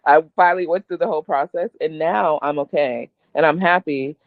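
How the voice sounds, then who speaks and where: A woman's voice: low-pitched, a little fast, no echo. Woman telling her story over a tinny line. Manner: open and emotional, laughs often. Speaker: guest. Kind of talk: candid personal storytelling. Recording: tinny, dry, phone-like line.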